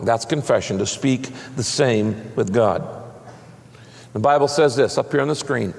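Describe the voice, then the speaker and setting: A man's voice: mid-range voice, lively intonation, measured pace, vocal fry, long pauses. A man preaching a sermon as pastor, emphatic, with big swings up and down in his voice. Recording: long reverb of a large hall.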